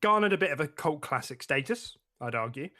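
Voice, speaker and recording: A man's voice: on the high side, lively intonation, a little fast, pushed and bright. A young man co-hosting a casual gaming podcast, chatty, with lots of fillers and restarts. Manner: chatty, laughs often, frequent fillers and restarts. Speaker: podcast co-host.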